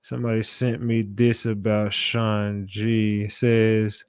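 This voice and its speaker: A man hosting a call-in stream, talking bluntly with frequent swearing and thinking out loud. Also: on the low side, little pitch movement, slow pace, clean tone, no room sound, studio quality. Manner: blunt, profane, thinks aloud. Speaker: show host. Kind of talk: casual live-stream talk with callers.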